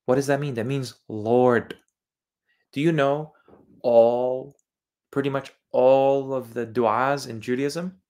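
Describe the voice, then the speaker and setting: A man's voice: medium pitch, steady tone, slow pace. A man from Eastern Europe holds forth on his livestream in a mid-range voice. He repeats key words several times over as he explains them, pressing each point insistently. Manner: insistent lecturing tone. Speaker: channel host. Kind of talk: livestreamed religious monologue.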